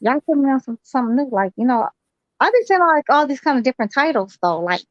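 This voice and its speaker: A woman's voice: sits high, sing-song, fast, no room sound, highs cut off. A woman co-hosting a live boxing stream, blunt and slangy, swearing freely. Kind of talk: casual live commentary chat.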